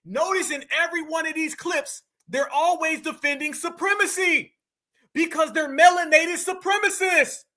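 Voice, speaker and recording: Guy with a really high bright voice ranting at the camera, preachy and fired up. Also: moderate pace. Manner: preachy, confrontational, keeps calling listeners "fam". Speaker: commentary show host. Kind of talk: heated reaction commentary.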